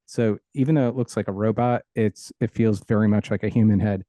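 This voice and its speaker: A man's voice: on the low side, steady tone, brisk, mellow, dry recording. A middle-aged man, an audio engineer and educator, explaining technical ideas plainly and with humor as an interview guest on a video call.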